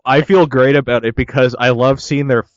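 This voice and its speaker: A man's voice: medium pitch, steady tone, normal speed, no room sound. A man co-hosting a podcast in casual chat, blunt and profane, ranting with glee. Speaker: podcast co-host. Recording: slightly dull dry sound.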